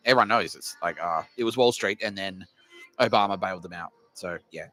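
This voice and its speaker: Australian man, podcast host, crude rambling rant, low pitch, bright edge. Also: fast talker, faint music behind. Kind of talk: ranting comedy monologue.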